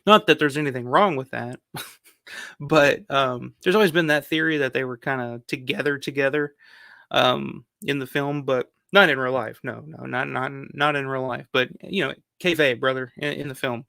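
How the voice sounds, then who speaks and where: Man, casual rambling film talk, gravelly voice, dry close sound. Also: mid-range voice, fairly even intonation, normal speed, sharp tone, no room sound. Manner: rambling, filler-heavy, swears casually. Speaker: film review channel host. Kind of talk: casual countdown commentary.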